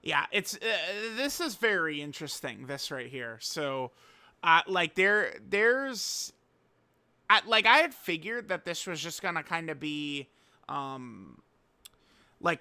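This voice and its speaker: A man's voice: fairly high pitch, sharp tone. A young man casually commenting on mobile game news, rambling with lots of fillers and slang.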